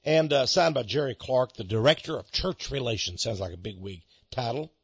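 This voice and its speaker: A man's voice: medium pitch, expressive, normal speed, slightly rough, dry recording. A male pastor giving a folksy, storytelling sermon on a dull, lo-fi recording. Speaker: pastor and ministry head. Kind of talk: radio sermon monologue.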